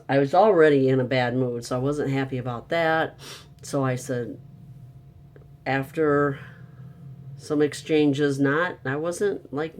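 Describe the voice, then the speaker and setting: A man's voice: mid-range voice, a little mellow. A man telling a frustrating story in a casual, upset monologue, venting and exasperated. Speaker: vlogger.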